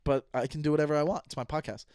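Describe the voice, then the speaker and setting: Male comic podcaster, high-pitched, cursing, worked up, dry close mic. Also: steady tone, racing, clear, resonant tone, no echo. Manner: profane, heated ranting, swings loud to muttered. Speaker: comedian podcast host. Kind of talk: solo podcast rant. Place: Los Angeles.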